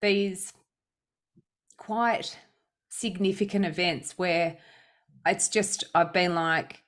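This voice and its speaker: A woman hosting a podcast, telling a personal story in a casual, animated way with lots of restarts. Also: fairly low pitch, drawn-out words, long pauses. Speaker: podcast host.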